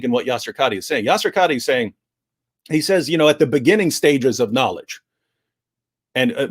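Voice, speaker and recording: A man giving an animated explanation on a livestream discussion, restarting sentences often and acting out quoted speech. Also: a little high. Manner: frequent restarts, acts out quotes.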